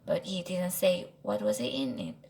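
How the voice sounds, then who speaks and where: A nervous boy aardvark from a storybook, talking himself in circles with anxious excuses, as a woman reads him aloud. The voice moves slowly with a gravelly edge. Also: rumbling low, expressive, a little mellow, voice pushed down, heavily acted, poor audio. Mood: worried. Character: worried young boy aardvark, fretful and evasive.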